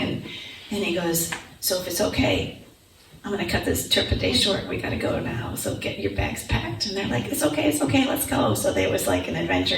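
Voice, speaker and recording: Lively female testimony speaker, lower register, distant mic in an echoey conference hall. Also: vocal fry, background noise. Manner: animated storyteller, acts out quoted voices. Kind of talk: personal testimony.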